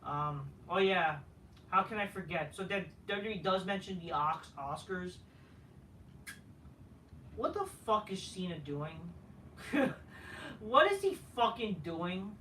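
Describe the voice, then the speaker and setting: A man's voice: high-pitched, expressive, takes it slowly, pauses often, pushed and bright, far from the mic. Male reviewer, dismissive and profane, rambling rant; sits back from the mic in a roomy space with faint background noise. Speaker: wrestling show reviewer. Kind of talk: casual ranting review.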